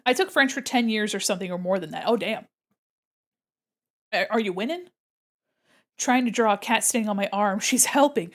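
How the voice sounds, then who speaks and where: A woman's voice: mid-range voice, moderate pace. A young woman chatting casually to her livestream chat while she draws, giggling often and reading out viewer messages. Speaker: streamer.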